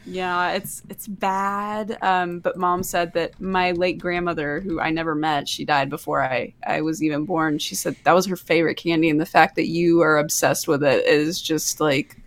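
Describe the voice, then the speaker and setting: A woman co-hosting a casual podcast, tossing in quick quips and laughing easily. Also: deep voice, steady tone.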